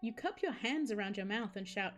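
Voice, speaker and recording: A woman's voice: medium pitch, animated, a little fast, soft background music. A woman streaming a game live, reading the story aloud and chatting with viewers in a casual, laughing way. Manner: chatty, laughs, asides to chat.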